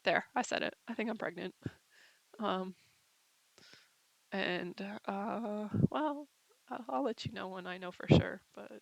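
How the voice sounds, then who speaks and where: A woman's voice: mid-range voice, creaky, darkish tone, dry recording, rough recording. A young woman talking in a casual confessional vlog, rambling and hesitant with lots of fillers. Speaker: vlogger.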